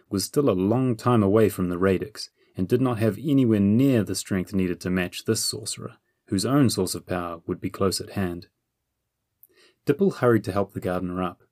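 Reading scripted narration from a children's fantasy audiobook, the male narrator keeps a steady, measured pace in a fairly low voice. The recording is dry and close, without any room sound.

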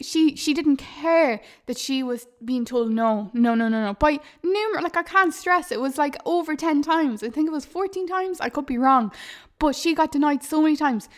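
A woman, chatting earnestly on her podcast, laughing often and calling her listeners "lads". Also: high voice. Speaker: podcast host and YouTuber. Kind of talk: casual podcast chat.

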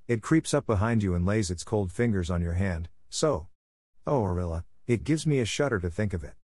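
A man's voice: low-pitched, a little mellow, no echo, clean studio sound. A man voicing an imaginative, eager orphan girl of about eleven, talking in a breathless, dramatic rush. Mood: thrilled.

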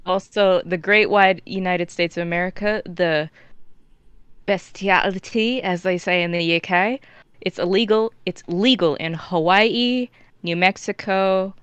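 A man's voice: high-pitched, a little slow, a bit bright, clean tone, no room sound. A man co-hosting a gaming podcast, wry and matter-of-fact in casual chat. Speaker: podcast co-host.

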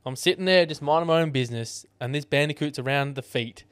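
A young Australian man co-hosting a podcast, telling animated stories full of swearing in casual chat. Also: fairly high pitch, fast, clean tone, dry recording. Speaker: podcast co-host.

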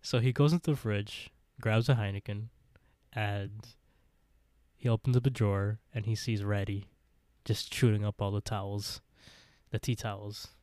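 A man's voice: on the low side, fairly even intonation, moderate pace, darkish tone, dry recording, clean studio sound. A man co-hosting a podcast, casually retelling scenes with frequent laughs and quoted dialogue. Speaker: podcast co-host. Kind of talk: casual recap chat.

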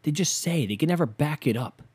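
A man's voice: fairly high pitch, expressive, a little fast, a little mellow, breathy edge. A man hosting a podcast, ranting casually in a heated, sarcastic, profane way and rambling through stories with lots of filler words. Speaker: podcast host.

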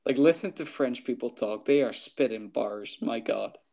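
A man's voice: medium pitch, normal speed, gravelly, warm tone. A man co-hosting a podcast in casual, joking chat, laughing often. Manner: giggly, playful, jokey. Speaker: podcast co-host.

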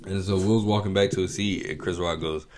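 A man's voice: low-pitched, fairly even intonation, fairly quick, a little mellow, a little hiss or hum. A young man hosting his own show, telling a story in a laid-back, slangy way and laughing often. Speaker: podcast host. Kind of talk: casual opinion monologue.

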